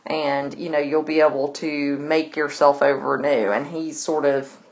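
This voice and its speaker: Low-voiced woman teacher, casual and chatty. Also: steady tone, a little slow. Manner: casual, chatty paraphrasing with many fillers. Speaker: literature teacher. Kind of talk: recorded lesson summarizing a novel.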